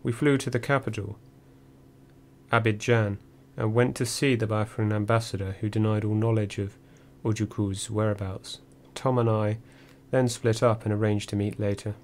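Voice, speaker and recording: A male narrator reads a memoir in a low, steady voice with little rise and fall. His delivery is measured and dry. A faint hum sits underneath. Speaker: audiobook narrator. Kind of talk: first-person memoir reading.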